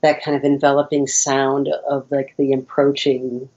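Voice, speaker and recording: A woman horn player chats in lively, quick bursts and laughs a lot. The sound is dull and lo-fi. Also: rumbling low. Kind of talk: casual interview talk.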